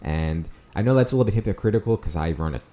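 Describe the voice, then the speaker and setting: A man in his thirties gives a casual spoken movie review as host of his channel. His voice sits low and mellow, and he talks off the cuff, with plenty of fillers and restarts. He lifts his voice on the words he wants to stress. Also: lively intonation, fast. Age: 30s. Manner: conversational, frequent fillers and restarts, emphatic rises on key words.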